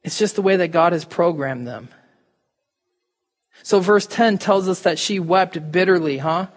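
Speaking unhurriedly in a high-pitched voice, a male pastor delivers a conversational sermon. He addresses his congregation directly and informally, and the church hall reverberates.

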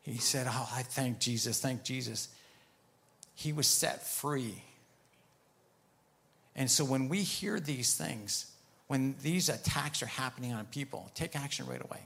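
A man's voice: mid-range voice, creaky, fairly bright tone. A man in the middle of a sermon, telling a story and replaying the conversations in it. His voice sits in an ordinary middle register for a man, and he gets firm and emphatic when he lands on a command. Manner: storytelling, pausing to retell conversations. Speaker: preacher.

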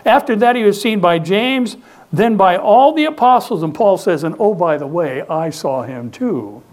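High-pitched guy preaching a sermon, emphatic, asks the crowd to answer back. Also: expressive, moderate pace, a little mellow. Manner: emphatic preaching, calls for congregation responses. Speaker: pastor. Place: church sanctuary.

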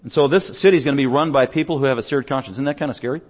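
A man preaching a sermon as pastor, emphatic, building up in pitch and volume on repeated lists. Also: racing.

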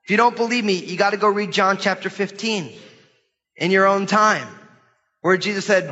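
A middle-aged man preaching a sermon in a church, lively and questioning his congregation. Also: high voice, moderate pace. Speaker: pastor. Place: church hall. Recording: dull sermon recording in a large hall.

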